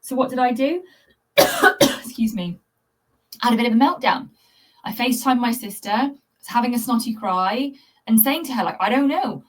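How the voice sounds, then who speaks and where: A woman's voice: on the high side, expressive, moderate pace, pauses often. A woman hosting her own vlog, talking candidly and earnestly to viewers about a hard time. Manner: earnest, confiding, addresses viewers directly; conversational with fillers and restarts. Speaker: channel host, cat anxiety coach. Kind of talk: candid personal vlog talk to camera.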